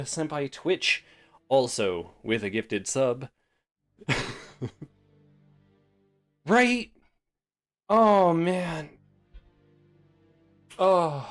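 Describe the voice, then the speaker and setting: A man streaming a reaction, swearing and swinging from loud outbursts to low mutters. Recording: faint background music.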